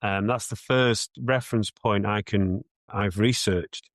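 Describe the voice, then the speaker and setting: Earnest low-voiced British man, dry sound. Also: fairly even intonation, unhurried, no echo. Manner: earnest, reflective, with restarts. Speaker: mindset coach. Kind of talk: podcast interview answers.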